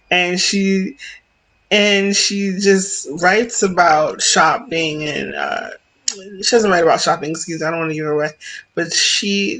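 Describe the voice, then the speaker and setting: A woman's voice: fairly low pitch, a bit bright. A woman vlog host chatting casually about books, rambling and correcting herself as she goes, with frequent laughs.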